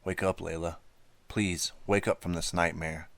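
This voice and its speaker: A man's voice: deep voice, steady tone, measured pace, vocal fry, no echo. A man reading an audiobook, voicing a frightened teenage girl held captive, pleading and stammering.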